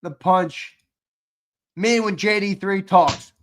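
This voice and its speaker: A man hosting a sports live stream in a loose, joking way. He laughs easily and chats with viewers as he reads their comments. His voice sits a little high for a man. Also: slow, noisy background. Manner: laughing, playful, reads chat aloud. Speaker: podcast host. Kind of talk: casual live-stream banter.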